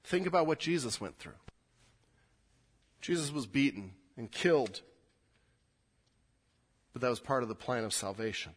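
A middle-aged man preaching from the pulpit. His pitch climbs and drops widely, from forceful, loud scripture reading to hushed, personal asides. He often restarts by repeating words. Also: lively intonation, moderate pace, long pauses, husky. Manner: swings from loud emphatic reading to quiet intimate asides. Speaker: pastor. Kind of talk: sermon.

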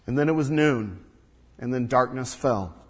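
A man preaching a sermon to his congregation, swinging from hushed low passages to loud emphatic peaks, with repetition and rhetorical questions. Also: measured pace, slightly rough. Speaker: pastor.

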